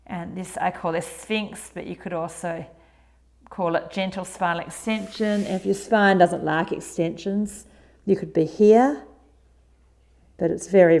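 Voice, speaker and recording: A woman in her forties teaching a yoga routine, gentle and encouraging with chatty asides. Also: medium pitch. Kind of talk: guided exercise instruction.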